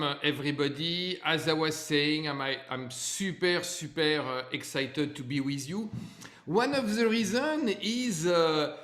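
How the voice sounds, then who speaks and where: Middle-aged man, French accent, webinar host, slow and high-pitched, roomy echo on a call mic. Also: a bit bright. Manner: friendly, halting with many fillers. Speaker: webinar speaker. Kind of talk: live webinar talk.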